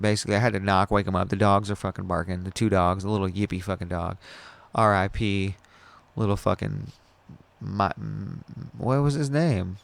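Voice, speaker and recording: A man with a low, gravelly voice tells a long story on his podcast, rambling and swearing as he goes, often stopping to restart a sentence. The sound is dry and close, with no room echo. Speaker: podcast host. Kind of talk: casual storytelling monologue.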